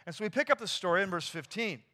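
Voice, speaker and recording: A pastor retelling a scripture story in a sermon, animated and casual with slang and fillers. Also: male voice, high-pitched, quick pace. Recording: long hall reverb.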